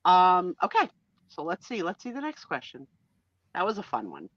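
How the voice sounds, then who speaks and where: A woman in her sixties hosting a casual live-stream chat, talkative and quick to laugh. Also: fairly low pitch, no room sound, muffled recording. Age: 60s. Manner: chatty and animated, laughs easily. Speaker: host.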